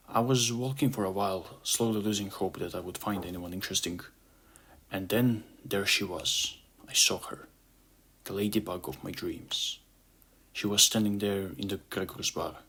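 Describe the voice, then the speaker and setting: A man reads his own story aloud in the first person, with a husky voice. His tone is bright and on the low side. He keeps a plain storyteller's manner and slows down on the key lines. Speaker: narrator. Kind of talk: first-person audiobook narration.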